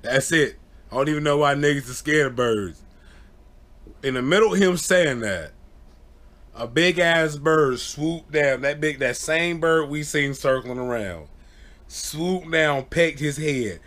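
A man telling a true story to camera in a casual, animated way, often laughing and acting out the people in it. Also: fairly high pitch, measured pace. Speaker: vlogger.

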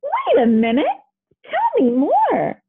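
A woman voicing a small, indignant male dwarf planet who shouts and boasts in a storybook. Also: a little high, wildly swooping pitch, normal speed, vocal fry, husky, narrow, tinny audio, full character voice. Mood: shocked. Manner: shouting, exclaiming.

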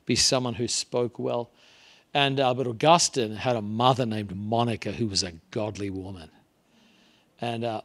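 Middle-aged male guest preacher, gravelly edge, animated storyteller in a church setting. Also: mid-range voice. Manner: animated storyteller, acts out quotes with rising intensity. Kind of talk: sermon storytelling. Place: church sanctuary.

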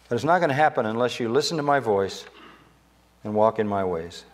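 A man's voice: mid-range voice, lively intonation, a little fast. Older man preaching an emphatic sermon. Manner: emphatic preaching, rising sharply when quoting Scripture. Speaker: pastor. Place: church sanctuary.

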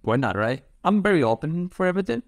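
A man's voice: fairly high pitch, very animated, fast, no room sound, clean studio sound. A man who is a pizza chef, answering interview questions in an eager, rambling way with phrasing.

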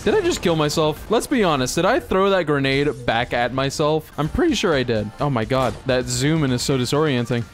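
A young man giving excitable, laugh-filled commentary while playing a shooter game. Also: fairly high pitch, a little fast, few pauses. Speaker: gaming YouTuber. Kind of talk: casual gameplay commentary. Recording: music heard behind. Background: game music and gunfire.

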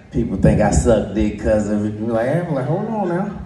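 A man doing a stand-up comedy set on a club stage, loose and joking, with a slight lisp, slipping into quick voices. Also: on the low side, echoey room, noisy background.

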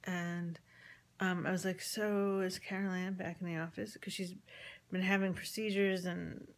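A woman's voice: lowish voice, level tone, a little slow. A woman casually telling a personal story, rambling with many ums, acting out the conversations she quotes and sometimes dropping to a near-whisper. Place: at home with chickens nearby.

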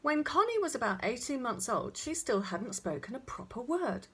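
A woman's voice: a little high, big pitch swings, moderate pace, slightly rough. A woman reading a children's story aloud, chatting directly to young listeners.

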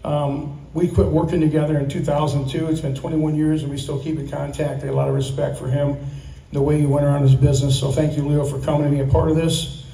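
A man's voice: a little high, level tone, fast, gravelly, dark tone, far from the mic. Older man's rambling farewell speech, echoey room. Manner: rambling, storytelling, chuckling often. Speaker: retiree giving a farewell speech. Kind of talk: casual thank-you speech with anecdotes. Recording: echoey room, mic from afar.

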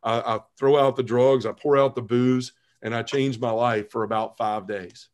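A man's voice: medium pitch, moderate pace. Earnest man telling his life story. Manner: earnest, animated storytelling, acting out his own past voice. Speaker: podcast guest.

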